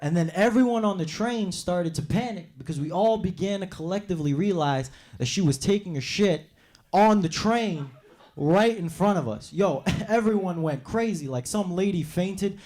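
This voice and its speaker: Brash young stand-up comic from New York. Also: male voice, high-pitched, a little mellow. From New York City. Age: young adult. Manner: brash, acts out characters in quick voices. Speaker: stand-up comedian. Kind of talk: stand-up comedy set. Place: comedy club stage.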